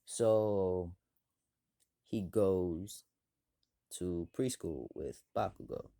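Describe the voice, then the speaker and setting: A man's voice: low voice, very slow, mellow. A man casually retelling a fan story, rambling with fillers and repeating himself.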